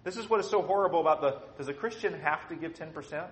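A man preaching an expository sermon, swinging between soft and loud and acting out quotes. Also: a little high, fast talker, reverberant, poor audio.

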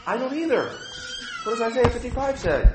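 Impassioned pastor preaching in an echoey room. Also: male voice, very high voice, expressive, fairly quick, music in the background. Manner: impassioned, swings from quiet to loud. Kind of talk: sermon.

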